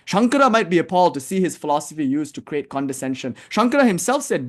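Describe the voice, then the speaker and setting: A man giving a casual, animated spiritual lecture, telling stories and acting out what people say. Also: a little high, fast, hardly any pauses. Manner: animated storytelling, casual, acts out quotes. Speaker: spiritual teacher.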